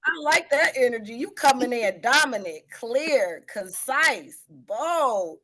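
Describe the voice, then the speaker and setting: A woman's voice: a little high, lively intonation, takes it slowly, bright, forceful tone. Upbeat woman cheering on a workshop. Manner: effusive, affirming, calls out encouragement. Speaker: trainer leading an online workshop. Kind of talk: energetic workshop facilitation. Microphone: video call.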